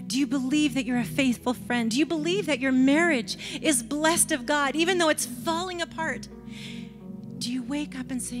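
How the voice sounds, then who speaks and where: An older woman preaches in a church, her voice sitting a little high. She drives her sermon with passionate repetition and sometimes sinks to a whisper. Music plays clearly underneath her. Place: church sanctuary.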